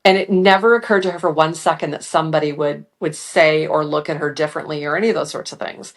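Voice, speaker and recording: A woman's voice: low voice, steady tone, fast talker. A middle-aged woman talking as an interview guest, reflective and earnest, with frequent "you know" fillers. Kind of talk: casual interview chat.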